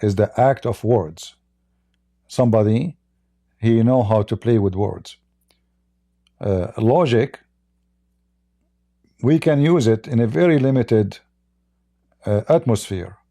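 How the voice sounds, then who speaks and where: Close, dry audio with no echo captures a streamer ranting on his livestream. His voice is medium-pitched with a dark tone, and his delivery is blunt and mocking, full of repetitive restarts.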